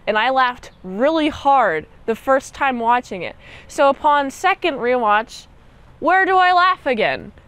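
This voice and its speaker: A woman's voice: high voice, clean tone. A young woman giving a casual movie recap, chatty and rambling, and laughing as she goes. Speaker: movie reviewer.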